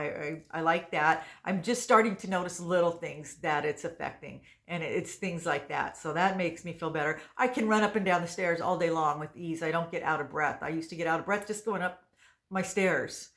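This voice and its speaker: Chatty woman in her sixties, low-pitched. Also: normal speed, a bit bright. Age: 60s. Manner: chatty, rambling, frequent restarts and fillers. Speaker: vlogger. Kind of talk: casual chat to camera.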